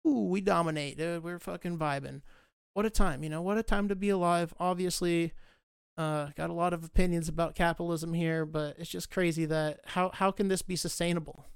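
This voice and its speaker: Profane, sarcastic man ranting, high voice. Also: fairly even intonation, brisk, gravelly, smooth, no room sound, studio quality. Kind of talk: casual rant.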